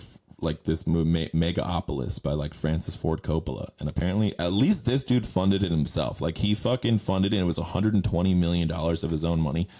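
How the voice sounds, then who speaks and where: Low-voiced man, rambling podcast host. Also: warm tone. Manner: rambling, profane, many fillers. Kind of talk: casual chat.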